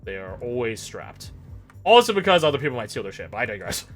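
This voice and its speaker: Animated, bright-voiced male game master. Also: mid-range voice, fast talker, soft background music. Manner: lively, jokey, animated narration. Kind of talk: narrating a tabletop game.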